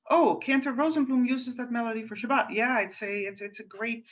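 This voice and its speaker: A woman's voice: a little high, normal speed, few pauses. A woman cantor from the Netherlands with a Dutch accent, chatting on a video call with frequent fillers and friendly asides. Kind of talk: friendly introductory talk before a service. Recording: distant, muffled video call audio.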